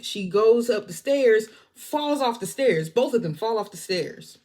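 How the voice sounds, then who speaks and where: A woman casually recapping a film's plot for a vlog, animated and acting out the characters' lines. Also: on the high side, a little slow. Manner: animated storyteller, acts out the characters. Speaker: movie reviewer.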